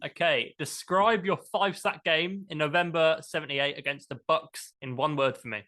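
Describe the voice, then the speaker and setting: A man's voice: a little high, normal speed, sharp tone. A man hosting a sports podcast and asking short, upbeat interview questions. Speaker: podcast host.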